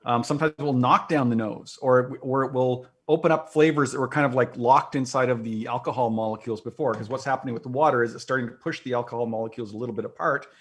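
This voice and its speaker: A man's voice: mid-range voice, steady tone, fast talker, few pauses, fairly bright tone, breathy edge. A man hosting a casual whisky tasting, explaining things at length with many fillers and restarts. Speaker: host, whisky presenter.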